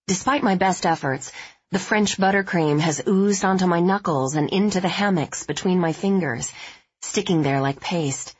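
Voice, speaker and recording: Husky low woman narrating an audiobook. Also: no room sound, highs cut off. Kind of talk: first-person audiobook narration.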